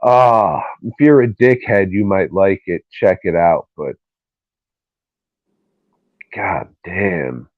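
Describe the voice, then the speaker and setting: A man's voice: low voice, slow pace, pauses often, no room sound. A man co-hosting a podcast who talks in casual chat, ranting bluntly and swearing freely. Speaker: podcast co-host. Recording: dull lo-fi recording.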